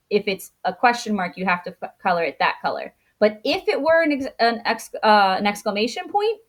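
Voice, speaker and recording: Patient woman teacher, slightly high voice. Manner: patient, explains step by step; acts out intonation with exaggerated pitch jumps. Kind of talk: online grammar lesson for children.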